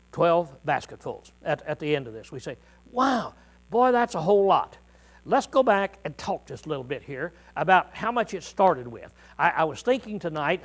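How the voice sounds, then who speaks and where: A middle-aged male preacher teaching a congregation in a folksy, conversational way, often clearing his throat and pausing with "uh". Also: on the high side, low-quality recording. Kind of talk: informal Bible teaching to a congregation.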